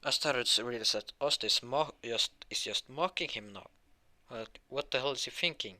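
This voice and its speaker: A man's voice: medium pitch, normal speed, bright, forceful tone. A man improvising a fan story, rambling with restarts and casual asides.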